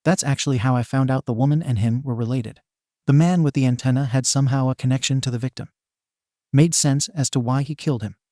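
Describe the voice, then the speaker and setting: Mellow-voiced man reading a story. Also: medium pitch, quick pace, no echo, clean studio sound. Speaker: narrator. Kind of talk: reading fan fiction aloud.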